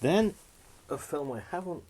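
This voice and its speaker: A man talking casually to camera about films he watched, relaxed and rambling, often restarting his sentences. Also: on the high side, measured pace. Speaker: film reviewer. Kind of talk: casual film review vlog.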